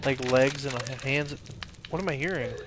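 A man's voice: mid-range voice, normal speed, background noise. A young man streaming a horror game, swearing and reacting with jumpy, casual commentary. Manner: profane, jumpy reactions, talks to himself. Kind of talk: casual let's-play commentary.

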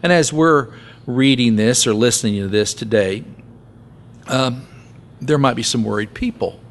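A man's voice: mid-range voice, measured pace. Man preaching in a chatty, joking style. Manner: conversational, joking preaching with acted-out asides. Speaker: pastor. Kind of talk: sermon.

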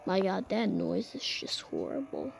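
A woman's voice: medium pitch, wildly swooping pitch, measured pace, vocal fry, a little hiss or hum. A woman giving casual, rambling gameplay commentary, exclaiming often and restarting her sentences. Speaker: gamer.

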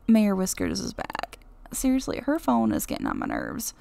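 A young adult woman hosting a life-sim Let's Play, chatting excitably and giggling as she plays. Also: mid-range voice, normal speed, vocal fry. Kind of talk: game commentary.

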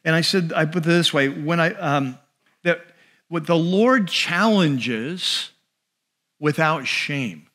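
A male pastor giving a sermon in a conversational way, slowing and dropping his voice on key phrases. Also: a little high, lively intonation, a bit bright. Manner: conversational preaching with restarts and asides.

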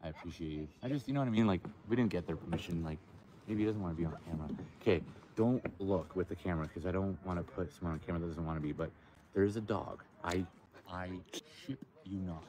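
A man hosting a casual outdoor live stream by a lake, joking and rambling in an animated way. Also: low-pitched, quick pace, background noise.

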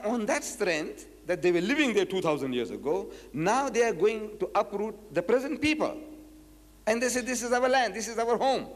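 With a high voice and a long reverb tail, a man from South Africa lectures publicly on Islam. He reads book quotations aloud and presses his argument through forceful rhetorical questions.

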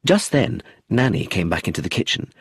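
Man, audiobook narrator, low lively voice, slightly husky, dry close sound. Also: brisk, no echo. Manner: expressive, voices each character. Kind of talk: storybook reading.

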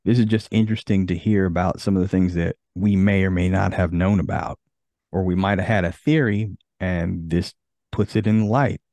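A man's voice: sits low, steady tone, normal speed, a little mellow, no echo. A man hosting a podcast in casual chat, easygoing and reading from an article. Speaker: podcast host.

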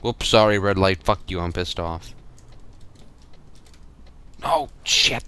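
A man's voice: low-pitched, slow, smooth. A man giving casual let's play commentary while driving in a game, swearing a lot and flaring up easily. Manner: swears a lot, frustrated and excitable. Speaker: gamer.

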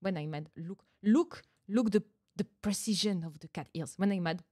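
In a dry recording, a French-accented young woman talks casually to viewers during a video game stream, often giggling and reacting aloud. Her tone is lowish and slightly mellow, at a normal pace.

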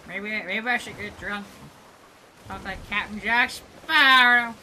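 A man comments on his own gameplay with jumpy reactions and sudden exclamations. His voice is very bright and unhurried, with wide swings in pitch. Faint noise hums behind him. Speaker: gaming video host. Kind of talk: let's play commentary.

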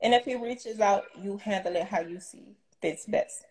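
A young woman tells a long story as an interview guest. She talks in an animated, casual way and switches into the voices of the people she quotes. Her voice sits at an ordinary middle pitch. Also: moderate pace, rough recording. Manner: animated retelling with quoted dialogue and laughs.

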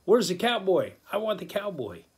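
A man's voice: high-pitched, sing-song, moderate pace, breathy edge, voice pushed up, full character voice. A man mimicking a cocky, hyper young fighter. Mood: cocky challenging.

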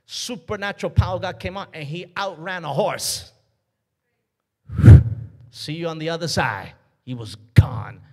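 A male pastor preaching a sermon, emphatic, with call-and-response and sudden loud bursts. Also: fairly high pitch, measured pace, pauses often.

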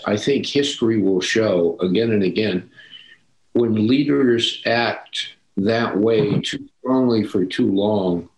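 A man speaks as a guest on a talk show, slow and deliberate and reflective. His voice sits fairly low. The recording has a roomy echo around him. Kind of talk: measured talk show discussion.

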